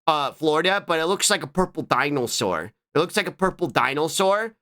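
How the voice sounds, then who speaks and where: A man's voice: fairly high pitch, animated, fairly quick, sharp tone. A man streaming live, chatting casually, rambling and repeating himself as he answers chat.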